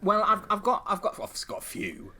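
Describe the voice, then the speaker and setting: A middle-aged male comedian, a guest on a podcast, telling bawdy stories in an animated way. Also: sits high, normal speed. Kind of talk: podcast conversation, anecdotes.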